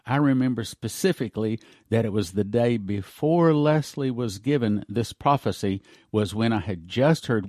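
A man hosts a prophecy talk show, and he works through the news in an earnest, deliberate way, reading articles aloud and spelling out names. His voice sits at an ordinary middle pitch. The recording is dry and close. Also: a little mellow, no room sound. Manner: earnest, lays out points slowly and spells words out.

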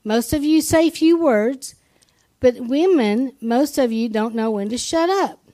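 A woman's voice: high voice, a little slow, mellow. A woman preaching a sermon in a conversational way, asking the congregation questions and often restarting her phrases. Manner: frequent restarts and repeated words.

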